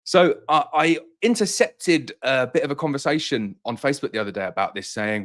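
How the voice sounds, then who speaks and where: A man's voice: fairly low pitch, animated, fast talker. A man who runs a beekeeping business, answering viewer questions in a casual live-stream chat, slightly out of breath and reassuring in manner. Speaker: beekeeper and honey business owner hosting a live Q&A.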